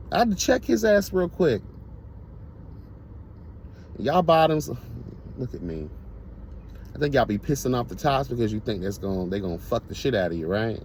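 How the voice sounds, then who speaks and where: A man's voice: fairly high pitch, darkish tone, a little hiss or hum. A man telling a casual storytime monologue to his viewers, blunt, profane and emphatic. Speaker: storyteller vlogger.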